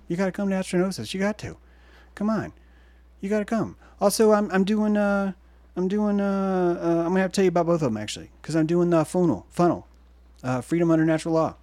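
A man hosting a livestream, talking in a meandering, excitable way that swings between loud bursts and hushed asides. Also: high voice, no echo. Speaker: livestream host. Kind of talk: rambling livestream monologue.

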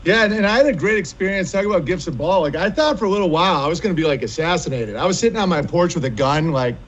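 A man talking as a guest on a casual podcast, telling animated, profane stories. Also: high voice, fast talker, dull audio, slight background noise.

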